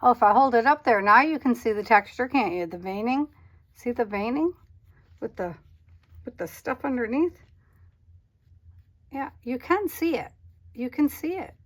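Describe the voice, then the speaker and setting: A woman's voice: fairly high pitch, lively intonation, normal speed, pauses often. Chatty rambling woman crafting aloud. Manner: chatty, rambling, self-questioning, talks to herself; drops to a whisper at times. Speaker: craft vlogger. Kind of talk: casual chat while crafting.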